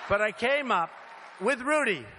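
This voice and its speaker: A man's voice: extremely high pitch, expressive, a little slow, a crowd in the background. Older male candidate at a podium, punchy and repetitive rally delivery, long hall reverb with faint background noise. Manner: repetitive, emphatic, speaks in short punchy phrases. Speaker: political candidate speaking at a rally. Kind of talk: campaign rally speech. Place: large hall, crowd present.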